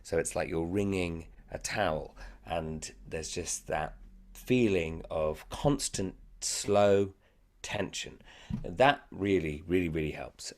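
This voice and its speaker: Very deep-voiced hesitant man. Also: a little mellow. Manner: hesitant, many fillers, thoughtful. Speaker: actor and guest. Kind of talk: casual interview chat.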